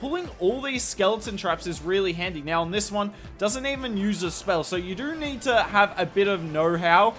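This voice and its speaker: A man's voice: high voice, expressive, normal speed, few pauses, fairly bright tone, soft background music. A young man with an Australian accent commentating a game replay in a chatty, candid way with self-deprecating asides. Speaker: strategy video commentator.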